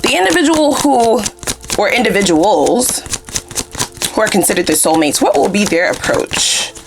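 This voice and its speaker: A woman giving a casual tarot reading in a blunt, profane and animated way. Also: medium pitch, moderate pace, noisy background. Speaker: tarot reader.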